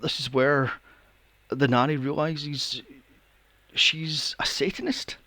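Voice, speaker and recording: A man hosting a podcast, recapping a film plot in a casual, animated way, swearing often and acting out his own reactions. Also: on the high side, takes it slowly, dry recording. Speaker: podcast host.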